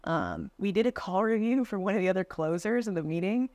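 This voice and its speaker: A woman's voice: mid-range voice, expressive, brisk, darkish tone, no echo. A young woman guest on a podcast, telling stories from her sales work in a casual, chatty way full of "like" and "dude", acting out what people said. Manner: chatty, lots of "like" and "dude", acts out quotes. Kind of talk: casual interview storytelling. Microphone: video call.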